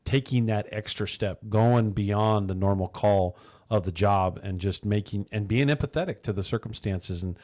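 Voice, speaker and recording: Low-voiced male talk show host. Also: moderate pace, a little mellow. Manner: affirming, reflective, often restarts phrases. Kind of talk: interview chat.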